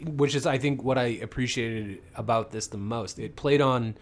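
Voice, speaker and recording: A man co-hosting a casual movie podcast, his pitch sitting in an ordinary middle range. He rambles and swears freely, leaning on fillers like "like" and "um" as he talks. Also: moderate pace. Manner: loose, profane, rambling with many fillers. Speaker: podcast co-host. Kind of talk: casual movie review chat.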